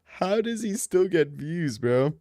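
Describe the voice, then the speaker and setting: A man's voice: fairly high pitch, big pitch swings, slow pace, mellow, dry recording, studio quality. A young man ranting jokily in a mocking comedic style, full of slang. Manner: slangy, jokey, slips into mock street talk.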